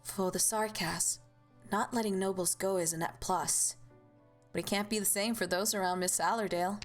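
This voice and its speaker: A woman reads the part of a calm young strategist who weighs each word. The delivery is slow and serious at a middling pitch. Soft game music runs behind. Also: close to an everyday voice.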